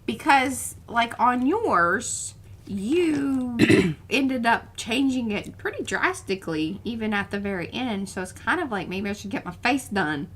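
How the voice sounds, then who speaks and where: A woman's voice: a little high, expressive, fairly bright tone, a little hiss or hum. A woman co-hosting a live art stream, giving frank opinions and teasing her partner with easy laughter. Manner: candid, teasing, quick to laugh. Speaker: co-host of art livestream. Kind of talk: casual chat. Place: home art studio.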